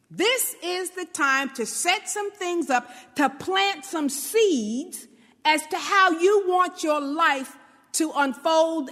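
A woman's voice: high-pitched, fairly bright tone, in a large hall. A woman from Brooklyn, giving an informal motivational talk and often checking in with "right?". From New York, Brooklyn. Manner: conversational, often asks "right?", acts out little quotes.

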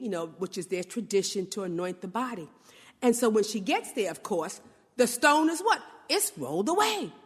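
A woman preacher gives an animated sermon in a high voice that rises and falls widely. She keeps throwing rhetorical questions at her listeners, and a long hall reverb trails her words.

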